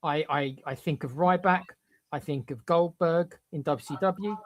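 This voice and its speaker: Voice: mid-range voice, unhurried. A podcast co-host giving blunt, emphatic opinions, often stumbling into repeated restarts.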